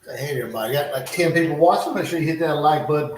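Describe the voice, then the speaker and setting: A man's voice: a little high, quick pace, hardly any pauses. A man hosting a casual livestream, reacting to a football game live with chatty play-by-play and muttered asides, at home. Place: home in North Carolina. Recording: echoey room.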